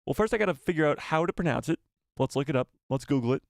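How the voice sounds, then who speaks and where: A man's voice: fairly high pitch, animated, quick pace, creaky, no room sound, studio quality. A man hosting a casual live stream, joking with his chat and mocking himself.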